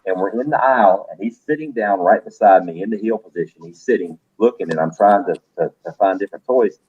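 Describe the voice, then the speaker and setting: A man casually telling funny stories in a chat, quoting people in animated voices. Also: lowish voice, fast, slightly rough, narrow, tinny audio. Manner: animated anecdotes with quoted voices. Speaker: host.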